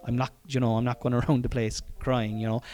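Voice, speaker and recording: Irish man, casual storytelling monologue, frank, swears a lot, chuckles, warm mellow tone. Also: mid-range voice, level tone, quick pace, faint music behind. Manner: frank and profane, often chuckling, rambling asides.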